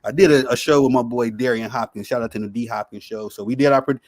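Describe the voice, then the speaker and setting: Male guest, mid-pitched, easygoing sports banter, dry close sound, chuckles a lot. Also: fast talker, no echo. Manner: relaxed, easygoing, laughs a lot. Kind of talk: casual sports chat.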